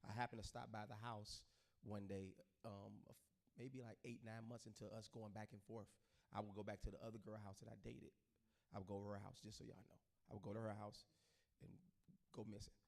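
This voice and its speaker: Speaking fairly quickly in a gravelly, rather low voice, this middle-aged pastor addresses his congregation informally. His stories come alive as he performs each quoted voice.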